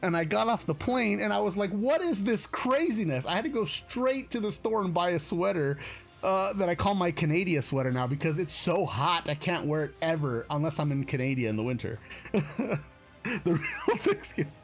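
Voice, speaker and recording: A man's voice: on the high side, lively intonation, normal speed, gravelly, faint music behind. A man from the United States hosting a live stream, chatting casually in a rambling, self-correcting way with frequent chuckles. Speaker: streamer host.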